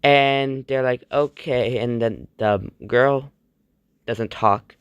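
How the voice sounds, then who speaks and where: A man's voice: medium pitch, slow, clear, resonant tone, no room sound, highs cut off. A man narrating a homemade cartoon in a rambling, stumbling, offhand way.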